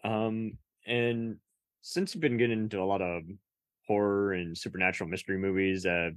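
A woman hosting an interview, relaxed and affirming, who laughs often. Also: a bass voice, normal speed, dry recording. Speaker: interview host. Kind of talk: casual interview chat.

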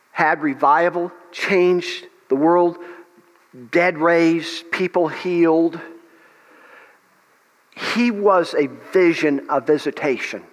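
Pastor preaching in an echoing hall. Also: male voice, a little high. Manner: impassioned, restarts often, prays aloud. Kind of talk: revival meeting sermon and prayer. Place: church meeting hall. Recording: long hall reverb.

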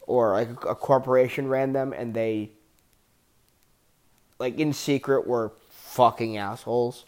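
A man's voice: mid-range voice, fairly even intonation, unhurried. A man giving a casual, enthusiastic TV show review, rambling with frequent restarts and casual swearing.

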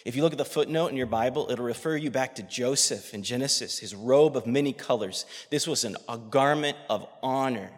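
A man preaching a sermon with passion, swinging between loud outrage and hushed, near-whispered tenderness. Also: medium pitch, fairly quick, few pauses. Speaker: pastor. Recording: long hall reverb.

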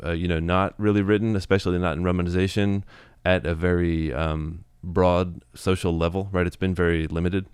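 A man with a very low, clear and resonant voice. He explains things in a casual, thoughtful way, often restarting his sentences. The sound is close and dry, with no room echo. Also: flat delivery, fairly quick, hardly any pauses. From United States. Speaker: guest, Taiwanese language teacher. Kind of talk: casual interview.

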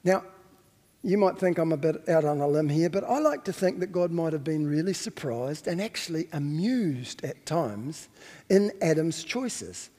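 Male pastor, sermon, reflective, questioning, higher voice, mellow tone, long echo. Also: animated, moderate pace. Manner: reflective, questioning, with self-corrections.

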